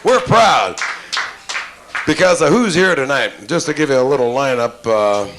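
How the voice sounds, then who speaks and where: A man's voice: mid-range voice, lively intonation, a little slow, background noise. A man hosting a talk show, welcoming the audience in a folksy, self-deprecating way. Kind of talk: stage welcome with jokes.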